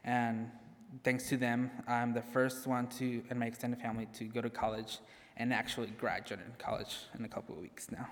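A man's voice: mid-range voice, little pitch movement, fairly quick, noisy background. Nervous young man in a reverberant hall. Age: young adult. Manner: nervous, self-deprecating, laughs often, says "like" a lot. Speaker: graduating senior giving a convocation speech. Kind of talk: personal speech to an audience. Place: large hall.

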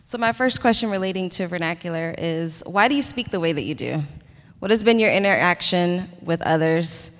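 A woman moderating a student panel, introducing the panelists and asking questions in a clear, formal way. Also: fairly low pitch, expressive, moderate pace, a bit bright. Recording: reverberant hall.

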